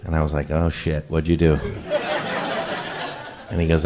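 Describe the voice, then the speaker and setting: A man doing a stand-up comedy set, telling a family story and acting out his drunk, shouting father. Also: extremely low pitch, completely flat delivery, normal speed, crowd noise. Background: audience laughter.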